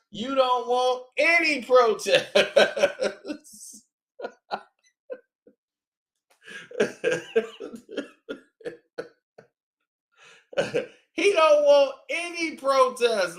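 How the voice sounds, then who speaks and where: A man's voice: very high voice, echoey room. A man giving mocking reaction commentary on a video clip, sarcastic and laughing often between remarks.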